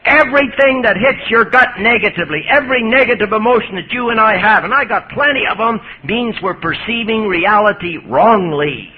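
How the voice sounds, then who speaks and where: A male priest giving a lively, folksy talk on recovery to an audience, recorded on an old 1980s tape. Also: high voice, normal speed, hardly any pauses. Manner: lively, folksy, jokey storyteller. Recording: muffled 1980s tape with hiss.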